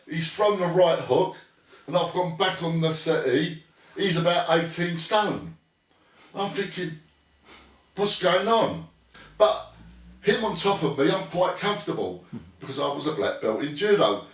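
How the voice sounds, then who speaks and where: A British former bouncer, appearing as an interview guest, tells an anecdote bluntly, swearing and acting out the dialogue he quotes. His voice is fairly high-pitched, and he sounds a bit off-mic and distant in an echoey room.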